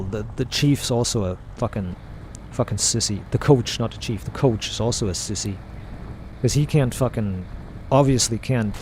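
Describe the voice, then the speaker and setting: A man's voice: lowish voice, darkish tone, a little hiss or hum. A man rambling bluntly over a game playthrough, repeating and restarting his phrases as he goes. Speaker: gamer streaming a playthrough. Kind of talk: casual rambling commentary while playing.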